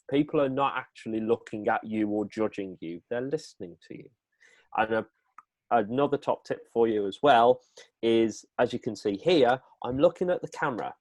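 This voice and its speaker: A man's voice: mid-range voice, darkish tone, no echo. Man, upbeat coaching tone, dry close sound, webcam mic, video call. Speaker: presenting coach giving tips. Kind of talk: instructional chat on a video call.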